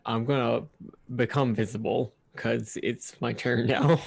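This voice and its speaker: A man's voice: medium pitch, steady tone, unhurried, gravelly, husky. A man playing in a tabletop game, talking in a hesitant way full of fillers. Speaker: player.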